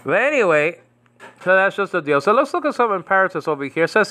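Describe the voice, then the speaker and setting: A man teaching New Testament Greek in a casual, rambling way, slowly repeating the Greek words and chuckling now and then. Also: high-pitched, big pitch swings, pushed and bright. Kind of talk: casual Bible Greek lesson.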